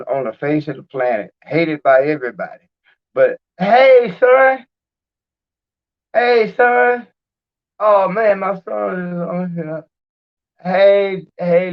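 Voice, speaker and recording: A man hosting his own video, talking in a rambling, heartfelt, informal way. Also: a little high. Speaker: video host. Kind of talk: casual live-stream talk. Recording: dull lo-fi recording.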